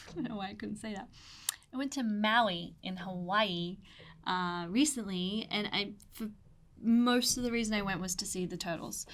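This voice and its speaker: A young Australian woman, an artist, talks through an ink drawing in a rambling, chatty way, full of fillers and asides, sometimes trailing off into soft murmurs as she concentrates. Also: medium pitch. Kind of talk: casual drawing tutorial.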